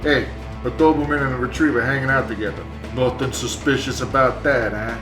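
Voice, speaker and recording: A man's voice: medium pitch, fairly quick, lightly acted. A man voicing a wisecracking mob-dog narrator. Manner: deadpan wisecracking. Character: gruff male German Shepherd mob father, wisecracking noir narrator. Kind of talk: hard-boiled comedic narration. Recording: roomy echo, faint music.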